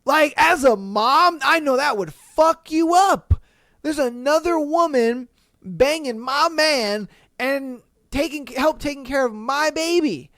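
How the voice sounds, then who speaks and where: A woman hosting a podcast, reading a listener's story aloud and reacting in an animated, slangy way with plenty of swearing. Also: high-pitched, slow pace, no echo, clean studio sound. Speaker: podcast host.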